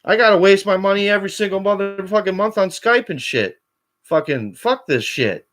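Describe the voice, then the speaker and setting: A man with a somewhat high voice, calling in to a show. He rants angrily, swears in nearly every sentence and keeps building toward shouting. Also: animated, moderate pace. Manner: swears constantly, rising to shouting. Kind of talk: angry profane rant.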